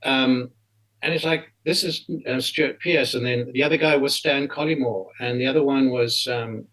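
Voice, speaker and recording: A South African man in his fifties, appearing as an interview guest, tells a story in a relaxed, animated manner, often ending lines with "right?". His voice is mid-range at a normal speed, and the recording is rough.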